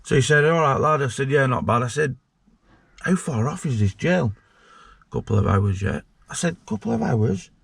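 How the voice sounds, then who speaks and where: A man's voice: medium pitch, moderate pace, creaky, fairly bright tone, husky, dry recording. Blunt sweary man. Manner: blunt and sweary, acts out quoted dialogue. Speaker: interview guest, former prisoner. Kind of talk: casual storytelling.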